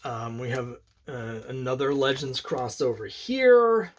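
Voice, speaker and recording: A man's voice: mid-range voice, very animated, a little slow, a little hiss or hum. A man casually talking through his comic collection, rambling and opinionated, with many fillers and restarts. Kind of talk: casual solo commentary.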